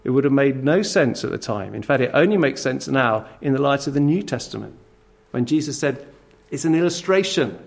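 A man's voice: medium pitch, expressive, a little fast, gravelly. A man preaching a sermon. He speaks emphatically and addresses his listeners directly with commands.

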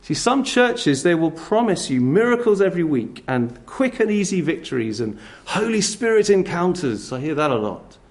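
A man preaching a sermon in a conversational, animated way, full of rhetorical questions. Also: high voice, normal speed, few pauses.

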